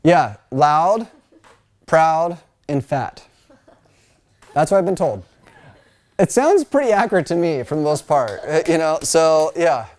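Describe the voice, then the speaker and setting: A middle-aged man from the United States teaching a Bible college class in a loose, conversational way. His voice sits a little high for a man, and he keeps the room engaged with asides, fillers and quick impressions of other people. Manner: chatty, animated, full of fillers, mimics voices. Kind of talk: casual classroom lecture.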